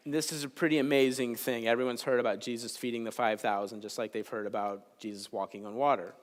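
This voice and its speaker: A man's voice: mid-range voice, steady tone, fast. Joking man preaching in an echoing chapel. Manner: conversational, joking storyteller. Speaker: chapel speaker. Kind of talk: sermon. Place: large chapel. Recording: long hall reverb in a chapel.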